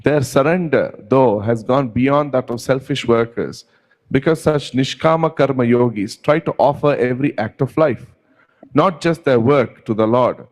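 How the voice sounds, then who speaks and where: A man reading passages aloud from a devotional book in a steady, measured way. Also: mid-range voice, poor audio. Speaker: text reader.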